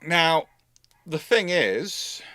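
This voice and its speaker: A man's voice: on the high side, big pitch swings, very slow, bright, forceful tone, no echo, clean studio sound. A man hosting a livestreamed naval history lecture, talking conversationally with fillers and self-corrections and answering viewer questions.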